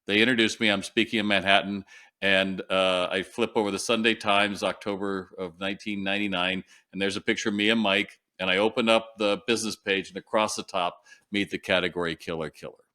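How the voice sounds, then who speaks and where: Low-voiced man telling a lively story. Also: fairly quick. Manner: animated storyteller acting out quoted dialogue. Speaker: guest, retail consultant. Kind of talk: storytelling in an interview.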